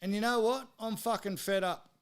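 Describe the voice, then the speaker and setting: A man's voice: sits high, normal speed, smooth. A man with an Australian accent hosting a live sports stream, swearing freely as he tells exasperated stories. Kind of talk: casual ranting chat.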